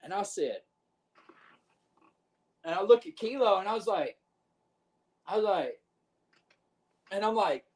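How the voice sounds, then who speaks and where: A man telling a backstage wrestling story on a podcast, animated and profane, acting out what others said. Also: sits high, a little slow, long pauses, slightly rough. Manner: profane, animated retelling with quoted voices. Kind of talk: casual storytelling.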